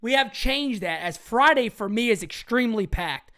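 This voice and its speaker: A woman hosting a live-stream sports chat show, talking in an animated, emphatic way and greeting her chatters. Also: a little high, normal speed. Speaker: sports talk show host.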